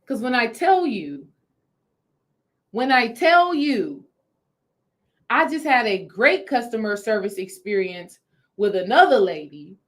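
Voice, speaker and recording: A woman with a fairly high voice tells a story live to her viewers. She is animated and addresses them directly, often repeating a phrase for emphasis. She speaks as a spiritual healing coach. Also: slow, pauses often. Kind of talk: livestream storytelling to chat.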